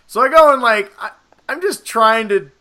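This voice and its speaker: A man in his thirties telling a casual, rambling story on a podcast, animated, swearing freely and acting out the lines he quotes. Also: very high voice, normal speed. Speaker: podcast co-host.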